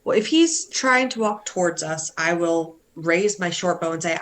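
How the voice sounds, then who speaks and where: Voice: mid-range voice, expressive, moderate pace, fairly bright tone. A player in a tabletop game, chatty and enthusiastic. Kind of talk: casual tabletop play.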